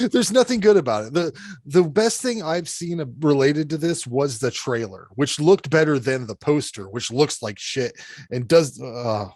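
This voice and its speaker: A man's voice: a little high, expressive, measured pace, a little mellow, dry recording. A man hosting a horror movie podcast, talking bluntly and profanely, rambling with lots of fillers. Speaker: podcast host. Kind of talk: casual podcast review chat.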